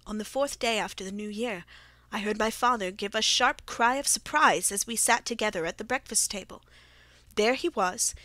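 A woman's voice: medium pitch, bright, forceful tone, dry recording. Woman reading a classic audiobook story. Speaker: audiobook narrator.

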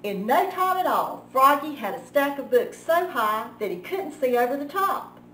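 Woman librarian reading a kids book, slow and expressive, higher voice, kinda far off. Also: a little hiss or hum. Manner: slow and expressive, with sound effects. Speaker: children's librarian. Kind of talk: picture book read-aloud. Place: library room. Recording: echoey room, mic far off.

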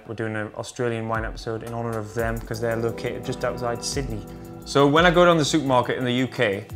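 A man's voice: medium pitch, a bit bright. A man with a Geordie accent, casually explaining wine regions in a chatty, enthusiastic, slangy way. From North East England. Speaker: wine vlogger.

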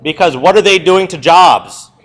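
A man's voice: high-pitched, normal speed, rough recording. A young adult male history teacher giving a classroom review lecture, quizzing the students and answering his own questions. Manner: lively, asks the class questions and answers them himself.

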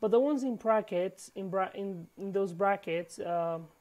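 Woman, native Kurdish speaker, language teacher, unhurried, soft warm tone, hesitant with many fillers. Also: mid-range voice. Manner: halting, many fillers and restarts; repeats each word slowly for practice. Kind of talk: recorded online lesson.

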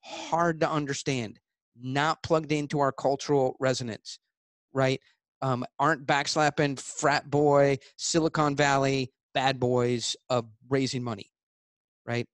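A man being interviewed as a guest author, talking in a blunt, emphatic way and acting out both sides of sales pitches. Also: fairly even intonation, a little slow, no room sound, studio quality.

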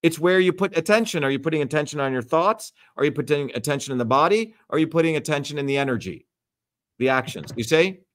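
Emphatic, lecturing man with a higher voice. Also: expressive, fast talker, a bit bright. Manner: swears freely. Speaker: host. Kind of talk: livestream Q&A talk.

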